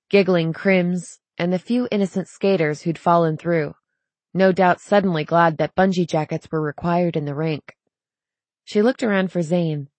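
A woman reading a novel aloud as an audiobook narrator, with steady, even storytelling. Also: lowish voice, no echo. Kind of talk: scripted narration.

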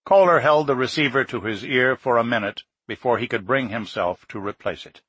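A man reading a nonfiction story aloud in steady, measured scripted narration. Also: medium pitch, slightly rough, dry recording. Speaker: audiobook narrator.

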